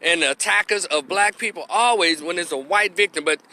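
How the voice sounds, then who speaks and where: A man's voice: sits high, fairly quick, bright, forceful tone. A man ranting into the camera with his opinions, blunt, profane and mocking. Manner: blunt, profane and mocking, mimics people in exaggerated voices. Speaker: commentary vlogger.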